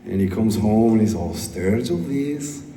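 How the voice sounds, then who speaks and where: A man's voice: fairly low pitch, expressive, a little slow. A man voicing a rowdy, teasing Scotsman, mocking and boisterous. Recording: echoey hall, crowd noise, far off.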